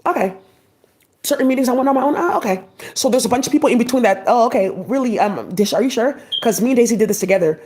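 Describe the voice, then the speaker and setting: Fast-talking agitated woman ranting. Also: fairly high pitch, animated, a little mellow. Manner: agitated, profane, rambling. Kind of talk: rambling monologue vlog.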